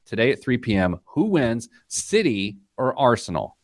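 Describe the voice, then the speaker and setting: A man hosts a money podcast, cracking jokes. His mid-pitched voice swings widely. The sound is close and dry. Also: no room sound. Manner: joking, animated, quick asides. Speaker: podcast host. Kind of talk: casual chat.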